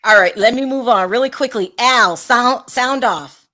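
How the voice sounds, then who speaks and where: A woman hosting a live-stream call-in show, brisk and hurrying her callers along. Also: a little high, pushed and bright.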